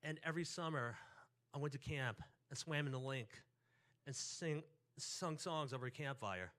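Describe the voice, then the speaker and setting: Bright-voiced New storyteller. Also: male voice, fairly high pitch, moderate pace. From New York. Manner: animated, acts out quotes and family voices. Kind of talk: live personal storytelling.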